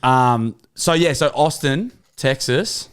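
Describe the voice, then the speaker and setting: A man's voice: mid-range voice, takes it slowly, clean tone. An Australian man co-hosting a podcast, chatting casually with a sweary storytelling manner and frequent laughter. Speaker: podcast co-host. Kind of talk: casual chat.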